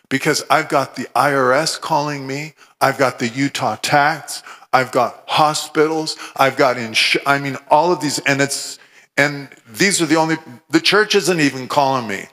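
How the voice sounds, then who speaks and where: A man from Oregon giving a humorous, animated testimony sermon, with scripture recited fervently. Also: a little high. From Oregon, USA. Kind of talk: storytelling sermon.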